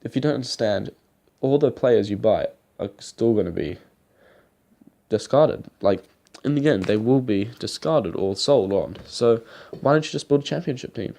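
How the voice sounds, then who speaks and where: A man's voice: medium pitch, moderate pace, vocal fry, dark tone. A young man giving rambling, casual commentary over his football game footage, swearing now and then. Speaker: gaming YouTuber.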